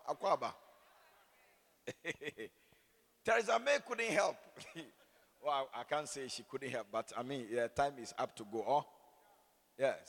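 Male preacher, slightly high voice, slow delivery, playful call-and-response, hall reverb. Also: a bit bright. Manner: call-and-response, jokes with congregation. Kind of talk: sermon with opening prayer. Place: church hall. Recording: long church hall reverb.

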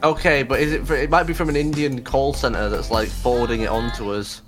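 A man's voice: medium pitch, steady tone, music in the background. A man co-hosting a podcast, blunt and mocking as he reviews demos in casual chat. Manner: blunt, mocking, quick to judge. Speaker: podcast co-host.

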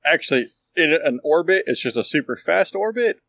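A man's voice: on the high side, expressive, fairly quick, gravelly, a bit bright, no echo. Inquisitive male tabletop player. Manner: inquisitive, thinks aloud. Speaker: player, ship captain. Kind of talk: casual tabletop game play.

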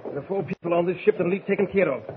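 A man plays a menacing mutineer ringleader, barking threats in coarse grammar. His voice sits high, coming through a muffled 1940s radio broadcast with faint hiss. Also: racing, lightly acted.

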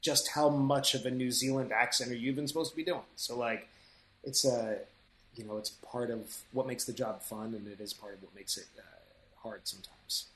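A man's voice: medium pitch, steady tone, normal speed, fairly bright tone, roomy sound, slight background noise, rough recording. A man who works as an audiobook narrator, talking casually in an interview in a thoughtful, rambling way with many fillers and restarts.

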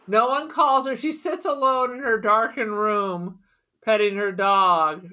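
A woman's voice: fairly high pitch, a little slow, sharp tone. A woman co-hosting a podcast, chatting casually with wry, sarcastic humor. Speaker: podcast co-host. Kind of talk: casual chat.

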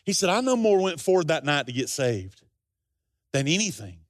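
Middle-aged pastor guy preaching, high voice, folksy storyteller, dry close sound. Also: sing-song, normal speed, no room sound. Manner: folksy storytelling preacher, retells a story in long quoted runs; earnest, pleading emphasis. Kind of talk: sermon.

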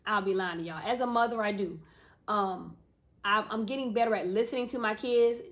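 A woman in her thirties co-hosting a podcast, telling family stories in a casual, animated way and laughing often. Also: mid-range voice, a little fast. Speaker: podcast co-host. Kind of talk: casual chat.

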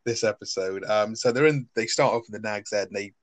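A man's voice: lowish voice, brisk, dry recording. A man chatting casually on a podcast, rambling with lots of fillers. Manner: rambling, filler-heavy, laughs often. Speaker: podcast co-host. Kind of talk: casual chat recapping a sitcom episode.

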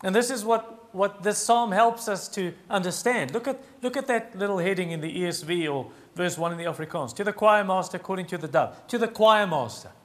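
A man preaching a sermon, earnest and emphatic, slowing down to stress key phrases. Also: high voice, a bit bright. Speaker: pastor.

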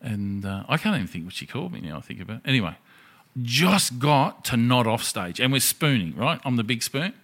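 A man's voice: medium pitch, quick pace, vocal fry, hardly any pauses. A man telling a crude story in casual chat, swearing freely and acting out the other voices in it. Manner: profane, animated storyteller.

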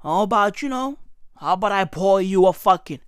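A woman giving a comedic rant, incredulous and exaggerated, often breaking into shouts. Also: mid-range voice, lively intonation, normal speed, clean tone, no echo, clean studio sound. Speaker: comedic commentator.

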